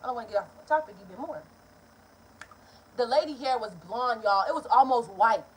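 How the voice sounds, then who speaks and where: A young woman, telling a story in a casual vlog, animated and profane. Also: fairly high pitch, a little fast, a little hiss or hum. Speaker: vlogger.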